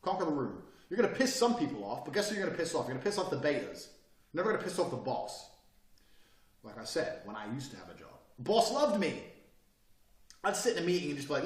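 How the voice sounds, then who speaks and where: A man's voice: fairly high pitch, very animated, fast. Blunt, profane man in an echoey room. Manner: profane, forceful and emphatic. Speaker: self-improvement speaker. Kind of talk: blunt motivational lecture. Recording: echoey room, mic at a distance.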